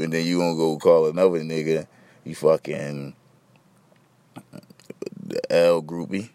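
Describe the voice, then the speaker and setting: A man's voice: a bass voice, little pitch movement, unhurried, long pauses, mellow, smooth, no echo. A young man hosting a podcast, rambling in loose, slangy, profane casual chat. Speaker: podcast host.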